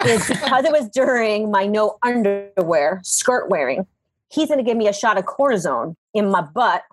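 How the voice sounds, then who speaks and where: Husky-voiced woman telling a funny story. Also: mid-range voice, normal speed, faint music behind. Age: adult with young children. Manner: animated, acts out people in her stories. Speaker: improv comedian guest. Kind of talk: casual comedic storytelling.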